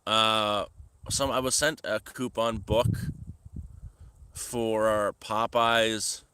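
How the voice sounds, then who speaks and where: A man's voice: lowish voice, flat delivery, drawn-out words, bright, forceful tone, a little hiss or hum. A man from Canada chatting casually on a livestream at his rural homestead, rambling and frustrated, sometimes scolding his dog. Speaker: vlogger.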